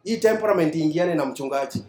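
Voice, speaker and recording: A man's voice: on the high side, lively intonation, fast, a little mellow, soft background music. A Kenyan man preaching a sermon, mixing English and Swahili and leading call-and-response. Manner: mixes English and Swahili, call-and-response, acts out his mentor's lines. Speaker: pastor. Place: church hall. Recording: echoey hall.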